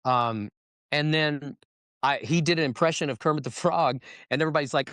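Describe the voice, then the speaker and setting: A man spins stories in an easy, animated way, now and then dropping into playful character voices. His voice sits at an ordinary middle pitch. The sound is dry and close, with no room around it. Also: quick pace, dry recording. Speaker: guest entertainer. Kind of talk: casual interview chat.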